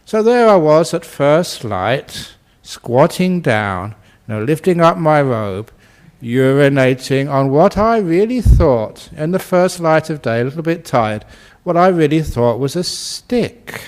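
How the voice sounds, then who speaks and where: A man's voice: on the high side, unhurried. Give me a chuckling man telling a humorous story in a dharma talk. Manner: chuckles often at his own story; relaxed, conversational, frequent "you know". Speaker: Buddhist monk and teacher.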